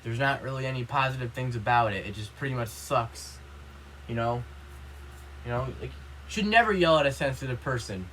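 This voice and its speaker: A man's voice: medium pitch, moderate pace, fairly bright tone, rough recording. A young male vlogger speaks in a casual rant, earnest and upset. His speech rambles and is packed with "you know" and "like." A faint ambient hum sits under his voice.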